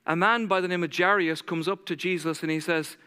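A man's voice: high voice, fairly even intonation, brisk, pushed and bright, clear, resonant tone, long reverb tail. A man preaching a sermon as pastor, telling stories dramatically and acting out the voices of the people in them.

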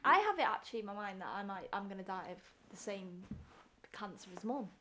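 A woman's voice: mid-range voice, expressive, fairly quick, pushed and bright, slight background noise. A woman in her twenties from northern England, co-hosting a podcast in casual chat, teasing and candid. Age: 20s. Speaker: podcast co-host.

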